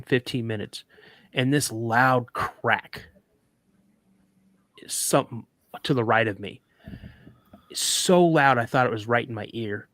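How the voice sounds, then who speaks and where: A man's voice: medium pitch, a bit bright, no echo. Man dramatically retelling a story. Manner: vivid, dramatic retelling with stammered restarts. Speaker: guest. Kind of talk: casual storytelling in a talk show.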